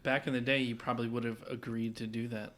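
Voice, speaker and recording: A man co-hosting a podcast, trading quick casual banter. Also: mid-range voice, little pitch movement, a bit bright. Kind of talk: casual chat.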